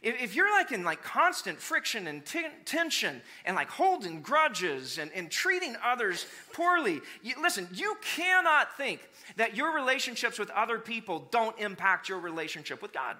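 Guy preaching a sermon in church, high bright voice, lively, does little voices for laughs. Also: moderate pace, hardly any pauses. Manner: animated, acts out voices of people for humor. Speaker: pastor.

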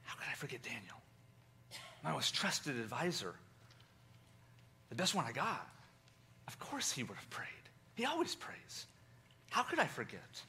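A man voicing a remorseful ancient king who speaks in a hushed, broken half-whisper. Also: medium pitch, fairly even intonation, normal speed, slight background noise, close to an everyday voice. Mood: grieving.

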